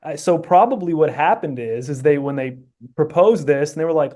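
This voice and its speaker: A man's voice: a little high, moderate pace, dark tone. A man as a podcast guest in casual chat, reasoning earnestly and rambling with fillers.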